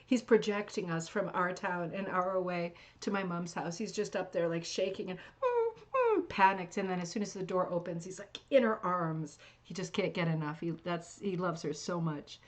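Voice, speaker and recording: Woman, livestream host, casual chat, greets viewers, chatty, filler-heavy, restarts, relaxed on a couch. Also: lowish voice, moderate pace, few pauses. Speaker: host of a rug hooking club livestream. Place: sitting on a couch at home.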